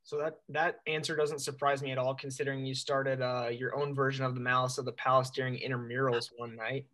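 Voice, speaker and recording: A man's voice: mid-range voice, level tone, fairly quick, bright, forceful tone. Male podcast host, easygoing, friendly interview questions. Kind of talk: casual interview chat.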